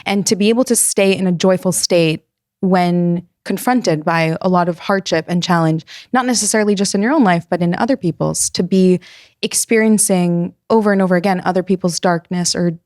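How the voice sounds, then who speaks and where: A woman's voice: fairly low pitch, a little fast, darkish tone, no room sound, studio quality. A young woman hosting an interview, asking long, thoughtful questions. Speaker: podcast host interviewing her mother.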